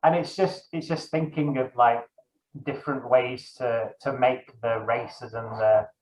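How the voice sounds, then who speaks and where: The speaker is a young man, a dungeon master, interviewed as a guest and chatting loosely, with frequent ums and self-corrections. His medium-pitched voice is a little mellow and a little slow, with fairly even intonation. Slight background noise and an echoey, dull lo-fi room sound color the recording.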